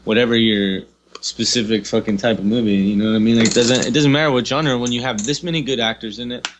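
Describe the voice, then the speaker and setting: A man's voice: medium pitch, steady tone, fast talker, slight background noise. A man co-hosting a podcast in casual chat, rambling and peppering his talk with "you know what I mean" and swearing. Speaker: podcast co-host.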